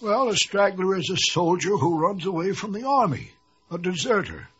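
A man playing a kindly, courteous gentleman doctor, gentle and reassuring. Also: high voice, expressive, normal speed, husky, heavily acted. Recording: dull lo-fi audio.

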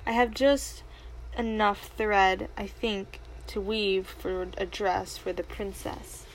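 Woman reading as a flattering old merchant. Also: medium pitch, slow, background noise. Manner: flattering, theatrical showman. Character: sly smooth-talking old male merchant.

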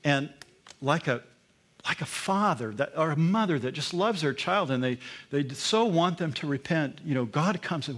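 A man's voice: on the high side, expressive, normal speed, a bit bright. A middle-aged man, a pastor, preaching a sermon in an earnest, emphatic way that often rises into bursts.

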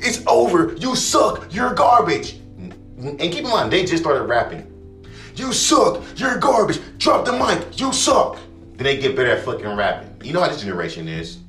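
Male podcast host with a heated, profane, repetitive rant; lively delivery, roomy echo. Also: medium pitch. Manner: heated and profane, repeats himself. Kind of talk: ranting monologue.

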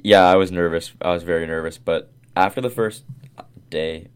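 Deep smooth-voiced young university guy. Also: fairly even intonation, normal speed. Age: young adult. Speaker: podcast co-host. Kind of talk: casual chat.

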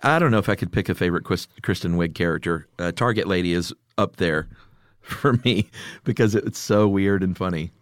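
A man's voice: low voice, moderate pace, no echo, studio quality. A middle-aged man hosting a podcast in casual chat, reading listener picks aloud and laughing often. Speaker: podcast host.

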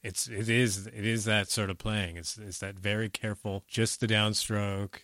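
A man's voice: on the low side, level tone, normal speed, a bit bright, no echo, clean studio sound. A man hosting a music podcast, chatting casually and playfully, laughing often. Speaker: podcast host.

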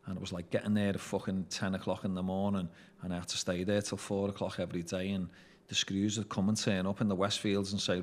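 A man's voice: sits low, little pitch movement, quick pace. A man with a Scouse accent telling stories casually in an interview, swearing freely and acting out what people said. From Merseyside, England. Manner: swears freely, acts out quoted dialogue. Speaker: interview guest, former prisoner. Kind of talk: casual storytelling.

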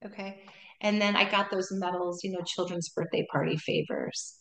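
Recorded with a roomy echo, a middle-aged meditation and yoga teacher chats as a guest in a casual interview, her sentences loose, trailing, and often restarted. She has a lowish, slightly bright voice with fairly even intonation at normal speed.

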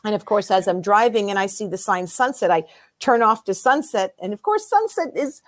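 A woman in her sixties, a guest in an interview, telling her story in a lively way and acting out what other people said. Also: mid-range voice, normal speed, no echo. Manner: lively storyteller who acts out quoted voices.

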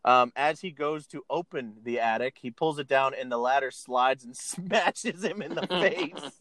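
Speaking a little slowly in a mid-range, slightly bright voice, this man recounts a movie scene by scene for his podcast. He keeps it casual, laughs a lot, and performs the characters' dialogue.

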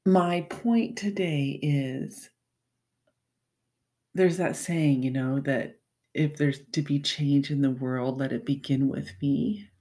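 Podcast host and coach, woman, casual storytelling, a bit low in pitch, lots of um and you know. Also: steady tone, slow pace, warm tone. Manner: chatty and heartfelt, with frequent fillers and laughs.

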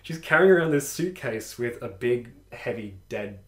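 Young male podcaster, sharp bright tone, restless restarts, echoey room. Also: medium pitch, moderate pace. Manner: animated, laughing, many restarts. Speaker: podcast co-host. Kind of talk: casual storytelling.

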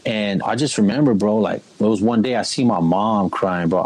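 A man's voice: on the low side, normal speed, hardly any pauses, a little mellow, poor audio. A young man telling his life story in a casual, slangy way, keeps saying "bro". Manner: laid-back street slang, keeps saying "bro" and "you know what I mean". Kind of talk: casual spoken testimony.

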